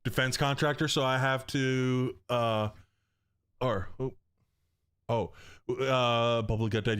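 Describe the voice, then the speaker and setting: A man's voice: mid-range voice, takes it slowly, long pauses, a bit bright, clear, resonant tone, dry recording, studio quality. A middle-aged man from North Carolina, chatting casually and joking with viewers on a gaming stream. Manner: chatty, joking, slangy, reads chat aloud. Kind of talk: casual live-stream chat.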